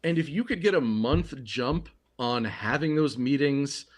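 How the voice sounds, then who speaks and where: A man hosting a casual sports podcast on a livestream, his voice at an ordinary middle pitch. He thinks out loud, stopping and restarting with plenty of ums. The talk is relaxed and conversational. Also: unhurried. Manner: hesitant, lots of ums and restarts. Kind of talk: casual hockey podcast chat.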